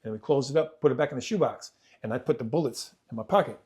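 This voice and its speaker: A man in an average pitch range tells his childhood story in a podcast conversation. He repeats phrases for emphasis and swings from loud, animated bursts to hushed, low stretches. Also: fast talker. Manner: vivid, repetitive retelling that acts out family members' voices. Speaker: podcast host telling his life story.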